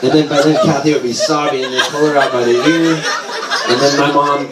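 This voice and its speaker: A man's voice: a little high, fairly even intonation, a little fast, heavy background noise. A man telling rambling, self-amused stories to a live audience at a small bar, often laughing as he talks. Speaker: singer-songwriter telling stories on stage. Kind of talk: live stage storytelling. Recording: roomy live venue mic, from a distance, audience heard. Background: audience laughter and chatter.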